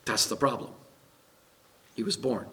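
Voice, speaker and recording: A man's voice: mid-range voice, measured pace, pushed and bright. A man preaching a sermon as pastor, emphatic, putting questions to the congregation.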